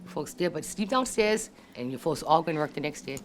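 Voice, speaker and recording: A woman's voice: deep voice, expressive, a little fast, a little hiss or hum. Laughing Hawaii-accented older woman storyteller. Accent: Hawaii local English. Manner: chatty, laughs often, acts out relatives' voices. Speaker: family member sharing memories. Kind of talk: casual storytelling. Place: family reunion gathering.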